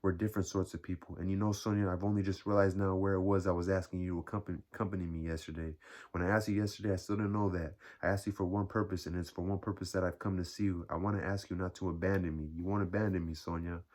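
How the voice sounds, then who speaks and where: A man's voice: low-pitched, flat delivery, fast, darkish tone, natural voice. A man reading aloud, voicing a tormented young man who confesses wearily and in despair. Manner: weary, despairing, ironic.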